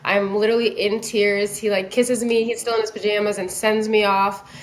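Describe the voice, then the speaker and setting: Guest: young woman, mid-range voice, animated, filler-heavy storytelling, faint background noise. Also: mid-range voice, normal speed. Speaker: podcast guest. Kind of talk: casual storytelling chat.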